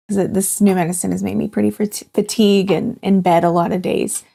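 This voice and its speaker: A woman in her thirties, a guest in an interview, talking in a halting, heartfelt way with many fillers. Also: mid-range voice, little pitch movement, gravelly, mellow. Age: 30s. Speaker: guest sharing her cancer journey. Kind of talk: candid personal interview.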